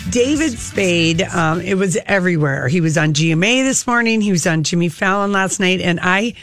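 A woman's voice: fairly low pitch, animated, normal speed, a bit bright, dry recording, faint music behind. A woman co-hosting a radio show, chatting casually and gushing about celebrity gossip. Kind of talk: casual entertainment chat.

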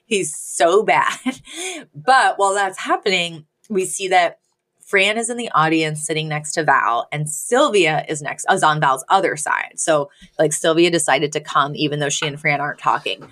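A woman co-hosting a podcast, recapping a sitcom episode in casual chat, animated and laughing often. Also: deep voice, normal speed.

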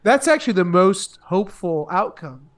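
A man's voice: high voice, sing-song, moderate pace. A man in casual podcast chat, laid-back and agreeable, chuckling along.

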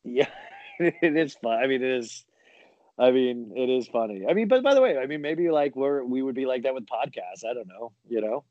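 A man guesting on a podcast, talking casually in halting bursts with many restarts. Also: mid-range voice, sing-song, dry recording, lo-fi sound.

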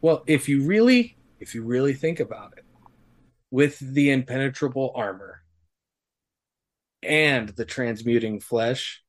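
A man acting as game master, explaining the rules in an encouraging, measured way with pauses and fillers. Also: mid-range voice, expressive.

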